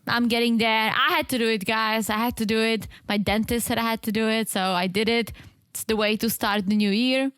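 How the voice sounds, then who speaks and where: A woman co-hosting a casual podcast with an accent, speaking slowly and carefully because her mouth is still sore and tight. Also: fairly high pitch, fairly even intonation, a bit bright, clean tone, no room sound. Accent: foreign accent. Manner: slow and a bit careful speaking. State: mouth sore and tight after dental surgery. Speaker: podcast co-host.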